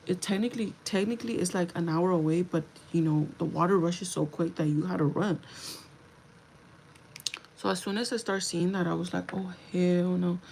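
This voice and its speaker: A woman's voice: fairly low pitch, moderate pace, gravelly, darkish tone, a little hiss or hum, poor audio. A woman livestreaming, chatting casually and retelling a dream, with lots of filler words.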